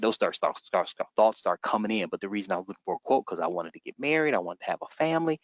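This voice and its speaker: A man's voice: low-pitched, quick pace, hardly any pauses, dry recording. A middle-aged man giving a sales training talk, telling stories and acting out customers in put-on voices. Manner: animated storytelling, acts out customers in voices. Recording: dull, muffled dry recording.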